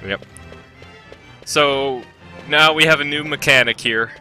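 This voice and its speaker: A man's voice: a little high, takes it slowly, sharp tone, soft background music. A man playing a video game and commenting casually, joking and swearing freely. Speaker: let's play host and player.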